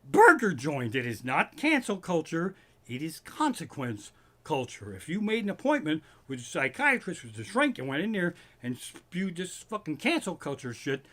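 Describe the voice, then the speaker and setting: A man in his living room doing a stand-up rant on a livestream. His pitch sits fairly high and swings up and down a lot as he rants with plenty of swearing. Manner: profane, ranting, animated. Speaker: comedian hosting a livestream.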